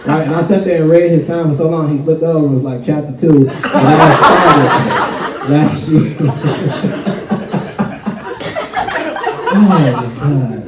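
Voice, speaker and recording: A man's voice: a little high, a little slow, very noisy. A young man from Canada doing a loose, conversational stand-up set in a large college hall, laughing at his own jokes. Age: young adult. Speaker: stand-up comedian. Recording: echoey hall, mic picked up from far off, loud crowd.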